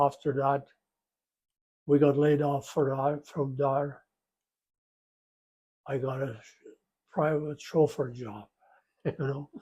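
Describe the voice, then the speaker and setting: An old man in his nineties recalls his life for an interviewer, halting along with restarts and soft chuckles. His voice is slow, husky and mellow. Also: medium pitch. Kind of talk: storytelling interview.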